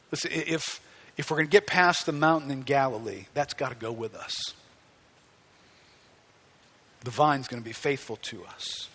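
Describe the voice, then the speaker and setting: A middle-aged man preaching a sermon as pastor, swinging from hushed, slow passages to loud, excited ones. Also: fairly high pitch. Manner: animated preaching, swinging from hushed to near-shouting.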